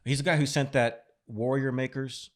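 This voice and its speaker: A podcast host with a mid-range voice talks at normal speed, telling stories in casual chat. He's an animated storyteller and laughs often.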